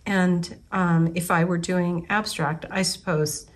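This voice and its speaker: A woman's voice: on the low side, steady tone, slow pace. Rambling woman thinking aloud. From United States. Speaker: artist. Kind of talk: casual spoken reflection.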